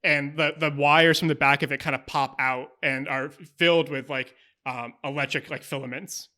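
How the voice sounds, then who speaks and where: A man's voice: on the high side, fairly even intonation, normal speed, pushed and bright. A man narrating as game master of a tabletop role-playing game, describing scenes casually with fillers and easy laughter.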